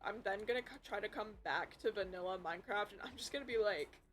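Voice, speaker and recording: A young woman streaming a game from home, chatting casually and swearing often, with loud outbursts. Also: mid-range voice, quick pace, a little hiss or hum. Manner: swears a lot, loud outbursts while playing. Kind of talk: casual gaming stream chat. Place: home room with a computer.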